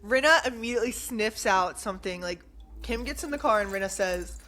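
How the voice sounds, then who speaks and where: A woman co-hosting a casual chat podcast, animated, laughing often and acting out quoted lines. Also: mid-range voice, brisk. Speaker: podcast co-host.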